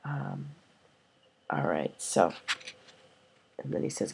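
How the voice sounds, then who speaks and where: A woman's voice: a bass voice, very animated, slow pace, creaky, noisy background. A woman teacher giving a recorded literature lesson, explaining and paraphrasing verse in plain words with many fillers.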